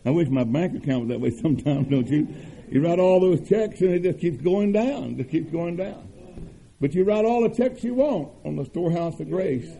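An older man preaching a sermon, with an earnest cadence, emphatic repetitions and drawn-out stresses. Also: a little high, lively intonation, vocal fry, warm tone, low-quality recording. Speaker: pastor.

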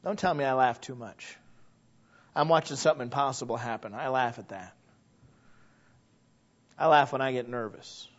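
A man preaching a sermon in a church, animated and quick to laugh as he talks to the congregation. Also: medium pitch, highs cut off. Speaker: pastor.

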